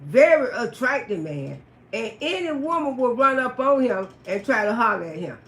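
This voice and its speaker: Brief: gravelly woman storyteller on a live stream, salty and lively, roomy echo. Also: fairly high pitch, moderate pace. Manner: animated, profane, greets viewers by name. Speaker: livestream storyteller. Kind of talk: casual storytelling livestream.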